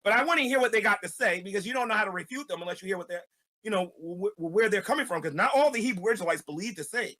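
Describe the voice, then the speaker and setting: A man's voice: high voice, lively intonation, rapid-fire, pushed and bright. A man, a street evangelist, delivering an angry ranting video monologue, repeating himself and stammering as he goes.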